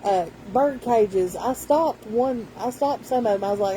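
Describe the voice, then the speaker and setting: A woman's voice: fairly high pitch, normal speed, warm tone, a little hiss or hum, poor audio. A woman, telling a rambling story in casual vlog chat. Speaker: vlogger.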